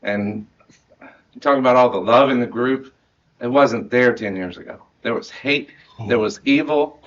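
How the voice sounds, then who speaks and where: A man in his thirties speaks to his marching band at season's end in an earnest, rambling way, often laughing and restarting his sentences. His pitch sits in an ordinary middle range. The audio is dull and lo-fi. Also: moderate pace, a bit bright. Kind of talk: heartfelt end-of-season speech to students.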